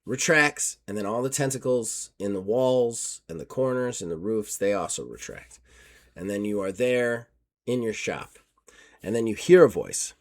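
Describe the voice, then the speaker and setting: Male game master, relaxed, rambling horror narration, self-correcting. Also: lowish voice, normal speed. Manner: casual, many fillers, self-correcting.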